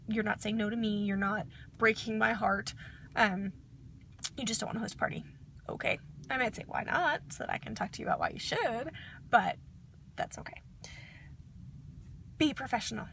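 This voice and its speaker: Upbeat woman consultant, bright sharp tone, casual vlog delivery. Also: high voice, gravelly. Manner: chatty, upbeat, lots of fillers. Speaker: direct sales consultant.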